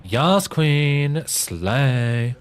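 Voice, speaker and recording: A man putting on a high, squealing, campy cheerleader voice to hype up the on-screen action. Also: animated, very slow, slight background noise. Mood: gushing. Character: sassy over-the-top cheerleader voice.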